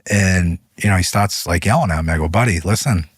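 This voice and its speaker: A man, a union leader guest in an interview, telling stories in an animated way, his voice rising as he gets heated. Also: deep voice, fast, breathy edge, no echo, studio quality. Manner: animated, voice rises when retelling arguments. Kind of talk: interview storytelling.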